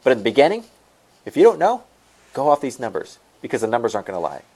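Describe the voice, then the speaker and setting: A man's voice: medium pitch, huge pitch swings, fast talker, darkish tone, slightly rough. A man teaching an online selling lesson over a screen share. He rambles and repeats himself as he talks the viewers through it. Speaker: online store coach.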